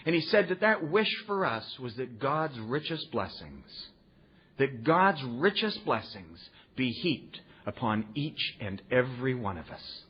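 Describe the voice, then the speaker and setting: A man's voice: medium pitch, animated, measured pace, slightly rough. Earnest folksy man telling his recovery story. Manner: earnest, folksy, with rhetorical "huh?" asides. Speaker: recovery meeting speaker. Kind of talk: personal storytelling talk to an audience. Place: meeting room before an audience. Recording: muffled recording with faint background noise.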